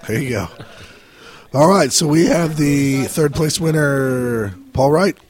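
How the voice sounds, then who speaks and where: A man's voice: fairly high pitch, takes it slowly, a little mellow. A man hosting a casual podcast, joking around and laughing often with his co-hosts. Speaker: podcast host.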